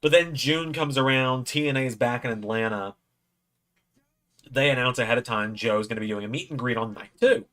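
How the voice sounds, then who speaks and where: Here a medium-pitched male voice runs a little fast, with a slightly bright tone. The speaker hosts a watch-along at home and meanders through a long story from his own life, raising his voice whenever he acts out a quote.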